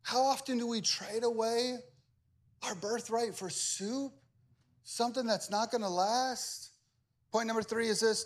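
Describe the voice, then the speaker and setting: A male pastor giving a conversational sermon, animated and repetitive, swinging between loud emphasis and hushed asides. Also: very high-pitched, a little slow.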